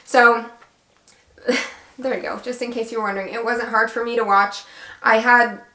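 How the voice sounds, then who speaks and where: A young woman vlogger casually recounting a story, chatty and animated, acting out quoted dialogue. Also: on the high side, normal speed, roomy sound.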